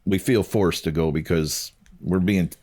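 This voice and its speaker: A man's voice: low-pitched, measured pace, darkish tone. A middle-aged man sharing a personal testimony in casual chat, telling the story with quoted dialogue. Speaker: podcast co-host.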